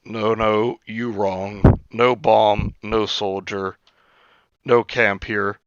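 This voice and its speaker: Man doing a blunt insistent woman digger, choppy broken English, slow and low, dull dry lo-fi sound. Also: flat delivery, clear, resonant tone, no room sound. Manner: clipped broken grammar, insistent.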